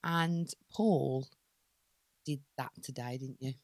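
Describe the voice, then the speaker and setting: A woman's voice: very deep voice, takes it slowly, darkish tone, dry recording. A woman co-hosting a podcast, tired and playfully complaining about her partner. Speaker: podcast co-host. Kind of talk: casual chat.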